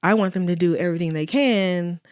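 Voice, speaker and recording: A woman's voice: lowish voice, brisk, a little mellow, no echo, clean studio sound. Earnest woman sharing her faith story. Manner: earnest, faith-filled retelling with quoted dialogue. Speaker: guest, widow. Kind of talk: personal storytelling in interview.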